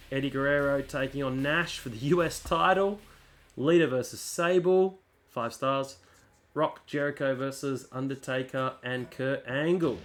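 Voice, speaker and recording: A man giving casual, jokey commentary while playing a wrestling video game. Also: medium pitch. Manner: chatty, jokey, mock announcer asides. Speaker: gaming channel host.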